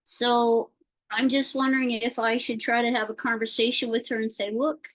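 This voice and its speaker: A woman chatting casually on a video call, telling a worried story in a rambling, halting way with many fillers. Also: a little high, little pitch movement, fairly bright tone, poor audio. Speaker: participant sharing a concern.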